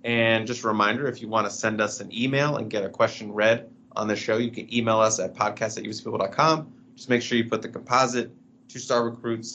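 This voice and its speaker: A man's voice: lowish voice, a bit bright, a little hiss or hum. A man hosting a casual sports podcast, joking at his own expense and reading out listener questions. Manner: joking, self-deprecating, reads listener questions. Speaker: podcast host.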